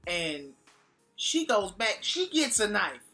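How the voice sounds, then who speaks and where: Bright-voiced man telling a story. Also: high-pitched, slow pace. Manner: animated, acts out quotes, laughs often. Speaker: vlogger recounting a fight. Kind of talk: casual storytelling. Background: faint background music.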